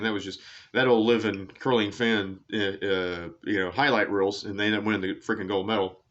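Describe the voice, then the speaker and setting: Rambling sports show host, bright voice. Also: male voice, medium pitch. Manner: rambling, with lots of fillers and tangents; swears casually for emphasis. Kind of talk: casual sports commentary monologue. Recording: dull lo-fi sound.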